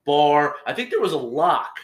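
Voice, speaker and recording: A man's voice: on the high side, big pitch swings, moderate pace. A man in his forties, a podcast co-host telling rambling, profane stories in casual chat. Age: 40s. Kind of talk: casual crude comedy chat.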